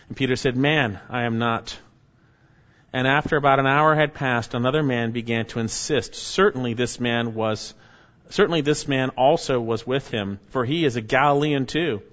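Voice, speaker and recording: A man's voice: medium pitch, a bit bright. Male preacher, earnest sermon, reads verses then explains, long hall echo, dull lo-fi sound. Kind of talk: expository sermon.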